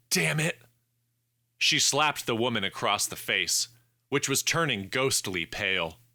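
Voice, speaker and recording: Male audiobook narrator, slow deliberate read, very bright tone. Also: on the low side, no room sound, studio quality. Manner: measured, deliberate reading. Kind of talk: scripted narration.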